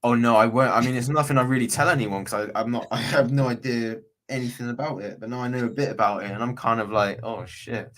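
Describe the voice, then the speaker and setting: A man's voice: mid-range voice, fairly even intonation, fast talker, few pauses, fairly bright tone. A man from Bristol, England, chatting casually as a guest on a video call livestream, rambling and slangy with many restarts. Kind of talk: casual chat.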